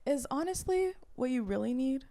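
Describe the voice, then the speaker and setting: A woman with a slightly raspy voice, a podcast guest bantering bluntly and teasingly, laughing often. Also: high-pitched, lively intonation, moderate pace, mellow.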